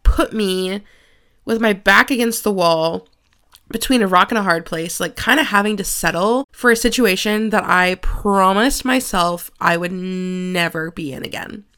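A woman's voice: medium pitch, a little slow, pushed and bright, clear, resonant tone. Candid, swearing young woman podcast host. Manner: frank and confessional, swears casually, frequent "like" fillers. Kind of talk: candid solo podcast monologue.

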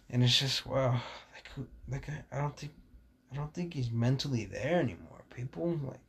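A man's voice: mid-range voice, gravelly, a little mellow, slightly rough. A young man hosting a casual podcast, talking in a blunt, rambling and profane way, full of fillers, with a sore voice. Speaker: podcast host.

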